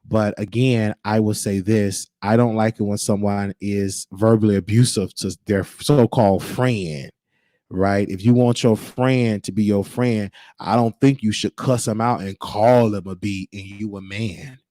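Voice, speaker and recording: A man's voice: fairly low pitch, steady tone, unhurried, dark tone, no room sound. A man hosting his own show, talking in an emphatic, preachy way and repeating his points. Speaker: show host. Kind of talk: casual livestream monologue. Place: Texas.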